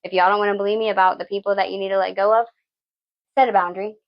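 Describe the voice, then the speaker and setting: Woman doing a tarot reading, gravelly voice, blunt and sweary, keeps saying okay, lo-fi sound. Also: medium pitch, little pitch movement, rapid-fire. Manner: blunt, profane, preachy, repeats "okay?". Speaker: tarot reader. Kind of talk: live tarot reading talk.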